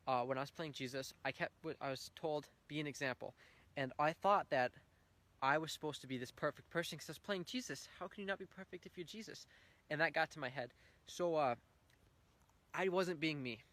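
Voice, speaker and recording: A man's voice: a little high, a little fast, fairly bright tone. A young man giving an earnest, heartfelt personal faith testimony at church, telling his story with swells of feeling.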